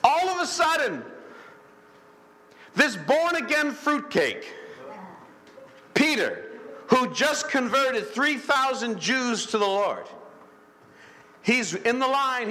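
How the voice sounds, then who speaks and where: A man preaching a sermon in a church, animated, acting out characters and calling for amens. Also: very high voice, measured pace, a little hiss or hum. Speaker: pastor.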